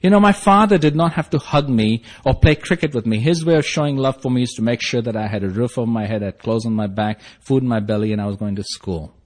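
A man's voice: medium pitch, fairly quick, hardly any pauses, a little mellow. A middle-aged man giving a personal recovery testimony, telling his story earnestly and rising into fervent bursts. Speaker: recovery meeting speaker.

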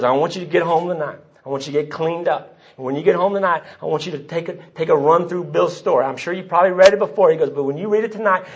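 Man, husky and fairly high voice, storytelling testimony on a dull lo-fi recording. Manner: storytelling, voices the people he quotes. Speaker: recovery meeting speaker. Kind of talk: personal testimony talk.

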